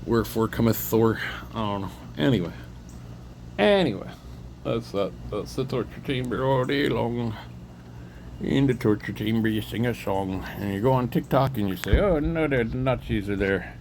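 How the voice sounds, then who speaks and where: Gravelly low-voiced man rambling alone. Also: moderate pace, slight background noise. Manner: meandering, jumps between thoughts with sudden loud interjections. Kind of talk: rambling solo monologue.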